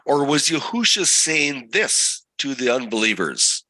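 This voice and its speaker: A man leads a scripture study at a slow, deliberate pace. His voice is very bright and sharp, and the recording is dry and close. He keeps putting rhetorical questions to his listeners. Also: mid-range voice, big pitch swings, no room sound, poor audio. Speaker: Bible study teacher.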